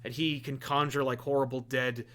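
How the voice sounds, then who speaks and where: A man's voice: medium pitch, level tone, normal speed, fairly bright tone. A man co-hosting a comic review podcast, talking casually in a rambling way with lots of fillers and restarts. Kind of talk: casual chat.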